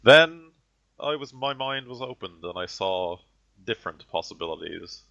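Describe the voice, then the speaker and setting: A man voicing a callous, condescending ancient heretic sorcerer who gives slow, grandiose speeches. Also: deep voice, bright, forceful tone. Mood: menacing. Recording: dull lo-fi audio.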